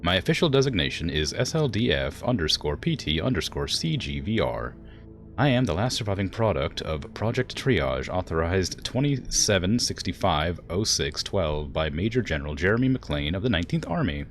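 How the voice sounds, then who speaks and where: A man voicing an ancient male AI weapons platform, calm and formal, in a smooth put-on generic English accent. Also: sits low, normal speed, soft background music. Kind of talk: reading game dialogue aloud.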